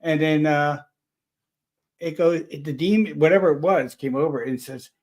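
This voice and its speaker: A man telling a story in a casual chat, rambling and animated, full of restarts. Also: a little high, moderate pace. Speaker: paranormal investigator guest.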